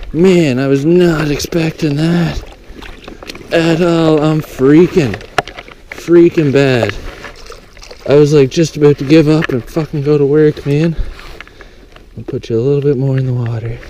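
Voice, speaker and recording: A young man excitedly narrating his fly fishing outdoors by a lake, swearing often and exclaiming over his catch. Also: medium pitch, noisy background. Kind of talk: excited outdoor vlog commentary.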